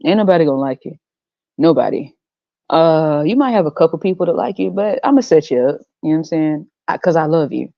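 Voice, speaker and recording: A woman's voice: sits low, lively intonation, brisk, gravelly, dry recording, highs cut off. A woman voicing a brash, mocking male God who talks in blunt slang, in a comedic podcast skit. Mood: taunting. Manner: swaggering slangy trash talk, teasing and blunt.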